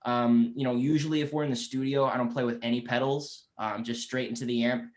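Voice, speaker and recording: Here a twenty-something guitar teacher, guest-starring as a musician, speaks in a mid-range voice with fairly even intonation. The podcast chat is casual, and he's eager and talkative, restarting himself rapidly and often.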